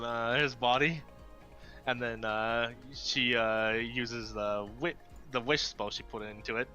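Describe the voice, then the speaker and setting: Low, bright-edged player on a dull mic. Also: male voice. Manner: relaxed, filler-heavy narration. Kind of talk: narrating his character's actions in a tabletop game. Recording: dull lo-fi mic, faint music.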